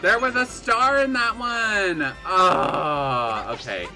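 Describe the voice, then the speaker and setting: A man giving excitable live gameplay commentary, gasping and laughing as he reacts to the game. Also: high-pitched, slow, creaky, over music. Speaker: game streamer.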